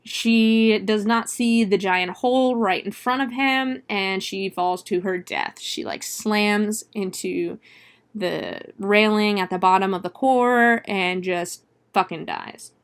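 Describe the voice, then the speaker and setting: A woman hosting a podcast, recapping a movie in casual, profane chat full of "like" and quick exclamations. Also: medium pitch, smooth. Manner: chatty, profane retelling with frequent "like"; laughs and exclaims often. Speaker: podcast host.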